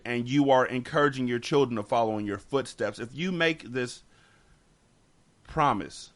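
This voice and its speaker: A man's voice: mid-range voice, normal speed. A man hosting a casual podcast chat, talking emphatically and repeating words as he gets heated. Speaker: podcast host.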